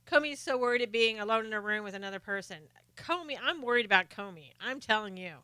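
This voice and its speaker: A woman's voice: on the high side, lively intonation, fast talker, sharp tone, clean tone, dry recording. A middle-aged woman hosting a live stream, chatting casually and sarcastically about politics while greeting viewers by name.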